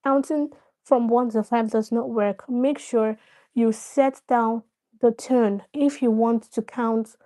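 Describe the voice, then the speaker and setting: Brief: female live stream host, higher pitch, unhurried and coaxing, repeats lines to viewers. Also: steady tone, warm tone. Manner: coaxing, repeats herself, addresses viewers directly. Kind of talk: casual live stream talk on parenting.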